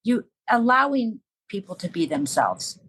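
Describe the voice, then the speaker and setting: A woman's voice: mid-range voice, big pitch swings, unhurried, fairly bright tone, husky, poor audio. A woman talking earnestly and reflectively in a casual podcast conversation.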